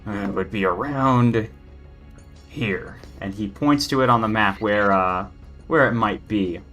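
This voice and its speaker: Male game master, low and bright, halting delivery. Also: soft background music. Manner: halting, thinking aloud. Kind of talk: narrating a tabletop game.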